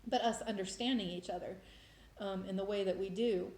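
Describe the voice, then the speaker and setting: Her voice is medium in pitch, steady, a little fast, and darkish as this vlogger tells a personal story of faith. She rambles emotionally and keeps restarting in a casual testimony monologue, and the recording has a roomy echo.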